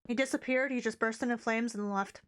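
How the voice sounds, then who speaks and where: Woman, high-pitched voice, streamer, loose rambling chatter, trails off and restarts. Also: steady tone, a little fast, noisy background. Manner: rambling, chatty, self-interrupting. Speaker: live streamer. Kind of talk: casual chat while playing a game.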